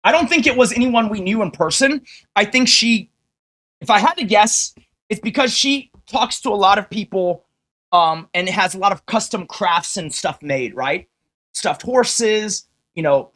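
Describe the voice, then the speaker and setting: A man's voice: high voice, expressive, moderate pace, a bit bright. Exasperated swearing male streamer. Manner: heavy swearing, exasperated and combative; addresses viewers directly with rhetorical questions. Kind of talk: ranting livestream monologue.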